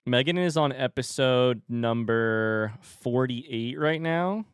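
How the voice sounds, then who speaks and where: A man's voice: medium pitch, slow pace, clean tone, no room sound, studio quality. A man chatting casually on a livestream, rambling and reading viewer messages aloud.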